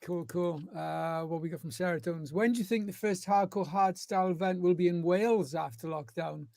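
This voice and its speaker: High-voiced podcast co-host. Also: male voice, normal speed, vocal fry, darkish tone, no echo, studio quality. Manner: easygoing, reads out viewer questions. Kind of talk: casual livestream chat.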